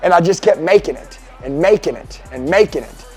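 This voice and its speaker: A man giving a motivational seminar talk to a mastermind group, intense and profane, swinging between shouting and hushed asides. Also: a little high, expressive, brisk, husky, soft background music. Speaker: sales coach addressing a mastermind group. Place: seminar room.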